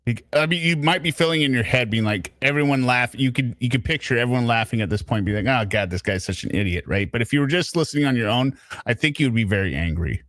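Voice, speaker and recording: A man in a mid-range voice hosts a live stream and chats casually with his viewers. He keeps checking in with a quick "right?", and the sound is dry and close to the mic. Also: mid-range voice, lively intonation, a bit bright, dry recording. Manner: chatty, keeps tagging lines with "right?". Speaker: stream host.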